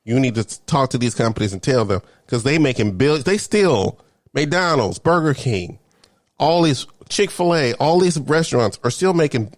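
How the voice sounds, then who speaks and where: A man, ranting comedically to camera in a vlog and dropping into hushed whispered asides. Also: mid-range voice, animated, normal speed, no echo, clean studio sound. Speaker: vlogger.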